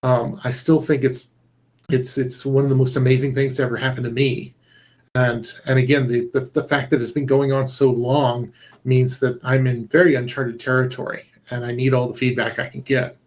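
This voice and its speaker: A man's voice: mid-range voice, little pitch movement, normal speed. Earnest rambling man on a call. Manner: earnest, rambling with many fillers and restarts. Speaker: game developer guest. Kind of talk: casual conversation.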